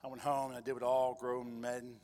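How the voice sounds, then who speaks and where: A man's voice: medium pitch, monotone, brisk, dark tone, in a large hall. A male pastor telling a personal testimony in a sermon, earnest, sometimes repeating his words. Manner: earnest storytelling, repeats himself.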